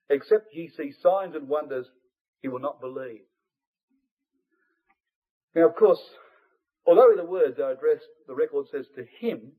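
A man preaching a Bible study sermon to his congregation, earnest and emphatic, rising to forceful peaks and dropping to hushed asides. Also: on the high side, breathy edge. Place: church hall. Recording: tinny lo-fi phone-like line.

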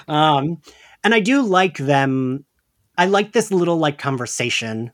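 A man's voice: fairly high pitch, sing-song, slow pace, pauses often, fairly bright tone. A man co-hosting a podcast in casual chat, rambling with lots of "like"s and frequent laughs. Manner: chatty, laughs often, rambling with many "like"s. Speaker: podcast co-host.

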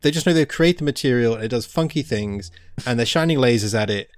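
A man's voice: mid-range voice, animated, quick pace, no room sound, clean studio sound. A man co-hosting a casual science podcast, chatty and stumbling a little over technical terms. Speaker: podcast co-host. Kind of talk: casual educational chat.

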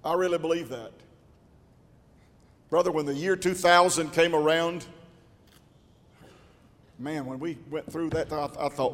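An older man, pastoring and preaching a folksy storytelling sermon with a drawl that swells into shouting. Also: fairly high pitch, measured pace, long pauses. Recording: long church reverb.

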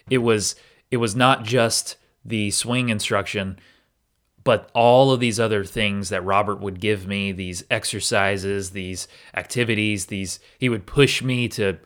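A man's voice: fairly low pitch, a bit bright. A man hosting a podcast, earnestly and candidly recounting his own experience in a reflective solo episode. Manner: earnest and candid, with occasional restarts. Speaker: podcast host.

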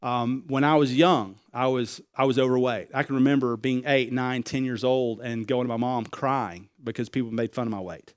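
A man preaching a sermon, confessional and personal, acting out conversations, swinging between loud excited bursts and quiet low remarks. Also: moderate pace, few pauses, clean tone. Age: adult, married with young children. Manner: acts out dialogue in quoted voices. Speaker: pastor.

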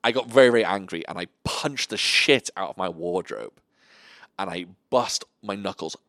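This podcast host has a low voice and a normal pace as he tells casual, expletive-heavy stories, animatedly acting out the voices involved. The sound is studio quality, with no room sound.

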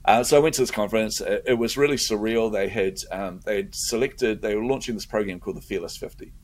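A middle-aged man, a guest in a conversation, telling a story in an animated way and acting out his own inner voice. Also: on the low side, fast, a little hiss or hum.

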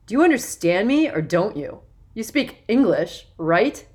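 A woman's voice: on the low side, expressive, a little slow. A woman voicing a smug, cruel young man who lords it over new kids in an audiobook. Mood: condescending. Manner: condescending, snapping.

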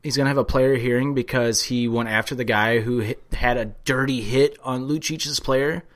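A man co-hosting a podcast in casual sports chat, excitable and swearing a lot, full of "like" fillers. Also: mid-range voice, moderate pace. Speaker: podcast co-host.

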